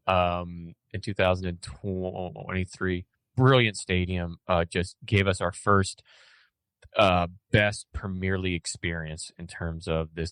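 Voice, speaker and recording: Rambling low-voiced male podcast host. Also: fairly bright tone, no echo. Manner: rambling, many fillers and restarts. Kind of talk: casual sports podcast chat.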